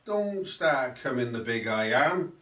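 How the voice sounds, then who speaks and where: A man's voice: mid-range voice, very animated, a little slow, a bit bright, reverberant, distant mic. A man voicing a defiant, threatening Putin in a Cardiff accent, as if talking with a roll-up cigarette in his mouth.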